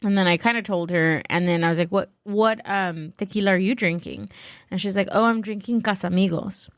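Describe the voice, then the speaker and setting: Animated woman telling a story. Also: a little fast, dry recording, studio quality. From Los Angeles. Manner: animated, acts out quotes in a higher voice, many "like" fillers. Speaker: podcast guest. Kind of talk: casual storytelling chat.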